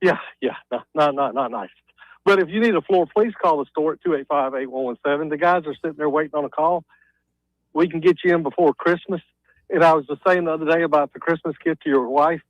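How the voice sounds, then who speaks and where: A man's voice: a little high, fast, no echo, highs cut off. A man calling in to a radio show, out of breath, joking and chatty. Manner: jokey, chatty. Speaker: caller, carpet store owner. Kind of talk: phoned-in radio ad chat.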